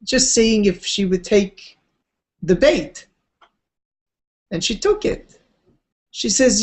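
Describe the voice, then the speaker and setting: This is a Torah class lecture where a female teacher tells stories at an easy pace. She sounds like she's chatting, with expressive pitch changes and casual asides sprinkled in.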